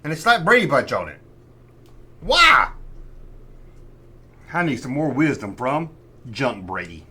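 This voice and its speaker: A man's voice: mid-range voice, huge pitch swings, a little slow, pauses often, sharp tone, slightly rough. A middle-aged man hosting a casual collector's show-and-tell, rambling with sarcastic, mock-outraged asides. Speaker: host.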